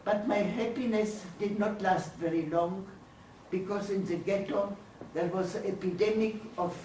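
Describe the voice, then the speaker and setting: Older woman, slow halting testimony, searching for words, echoey room, mic from a distance. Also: mid-range voice, warm tone, a little hiss or hum. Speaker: Holocaust survivor giving testimony. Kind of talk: lecture testimony. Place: lecture hall. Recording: roomy hall, voice from far off.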